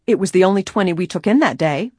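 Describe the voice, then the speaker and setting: A woman reading an audiobook, voicing a shrill, excitable middle-aged waitress who accuses and near-screams. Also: fast, breathy edge, no echo, studio quality. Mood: shrill accusing. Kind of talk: audiobook character voice.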